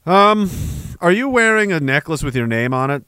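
A man's voice: a little high, sing-song, normal speed, sharp tone, smooth, no room sound. A man ranting angrily and sarcastically, swearing as he reacts to clips. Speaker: online commentator. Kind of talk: profane reaction rant.

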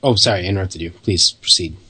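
A man at a middle pitch hosts a relaxed conversation, cutting in with quick okays and courteous follow-up questions. His tone is polite and conversational. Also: breathy edge, no echo. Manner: polite, interjects with short affirmations. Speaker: host. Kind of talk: casual interview.

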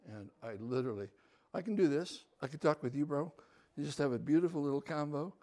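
An older man speaks as a guest, telling a personal story with lively energy that swings from quiet asides to loud, animated bursts. His voice sits a little high and he talks at a quick pace.

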